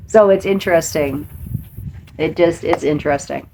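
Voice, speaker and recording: A woman's voice: sits low, normal speed, mellow, a little hiss or hum. A middle-aged woman hosting a motivational talk, playful, laughing often and slipping into quoted voices. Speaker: podcast host. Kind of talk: motivational monologue.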